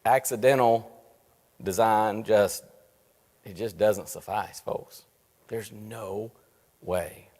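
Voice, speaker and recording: A man leading a church Bible study, earnest, asking rhetorical questions and slowing down to stress his points. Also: on the low side. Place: church meeting room. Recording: long reverb in a church room.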